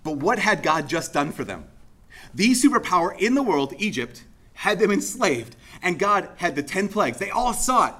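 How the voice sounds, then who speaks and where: A male pastor preaching in a loose, conversational style, voice sitting a little high. He tells the story like he's talking to friends and drops into quick impressions of the people in it. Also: big pitch swings, sharp tone. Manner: casual, conversational preaching that acts out quoted speech. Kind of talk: sermon.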